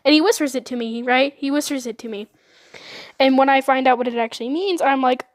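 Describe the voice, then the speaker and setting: A young woman telling a storytime vlog in a giggly, excitable way. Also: high-pitched, brisk, no room sound, studio quality. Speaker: vlogger.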